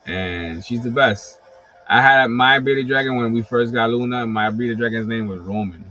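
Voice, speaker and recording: A man hosting a livestream, talking casually in an animated, profane storytelling style full of fillers. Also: medium pitch, normal speed, soft background music. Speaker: host of a wrestling collectibles livestream. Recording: slightly dull lo-fi stream audio.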